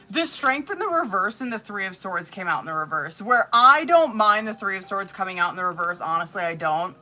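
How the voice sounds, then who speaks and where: Woman reading tarot live, bright and forward voice, loose, foul-mouthed, talkative. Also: mid-range voice, very animated, brisk. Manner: profane, chatty, full of "like" and "you know what I mean". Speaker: tarot reader. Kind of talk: live-streamed tarot reading, casual chat.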